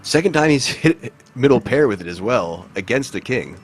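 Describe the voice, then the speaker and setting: A man calling live poker hands in a relaxed, joking play-by-play style. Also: medium pitch, moderate pace. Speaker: poker commentator.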